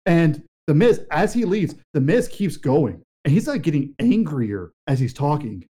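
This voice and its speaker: A young man co-hosting a casual podcast chat, telling a story excitedly and acting out quotes. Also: on the high side, unhurried, husky. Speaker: podcast co-host.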